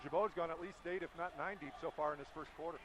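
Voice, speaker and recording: A man giving radio color commentary on a basketball game, explaining plays in quick analysis. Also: a little high, steady tone. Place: high school basketball arena. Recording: crowd and gym noise behind.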